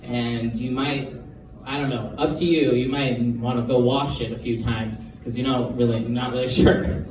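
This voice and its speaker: A man's voice: mid-range voice, steady tone, normal speed. A man doing his first stand-up set, telling a long joke with hesitant ums and rambling asides. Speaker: amateur stand-up comedian. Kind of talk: first-time stand-up storytelling. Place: live comedy show venue. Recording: echoey room from far off, noisy.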